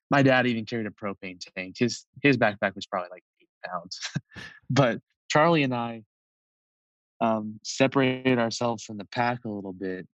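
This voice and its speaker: Telling a personal story on a podcast, a twenty-one-year-old guest keeps things easygoing and sprinkles in plenty of fillers. The recording is rough and echo-free, and his pitch runs fairly low.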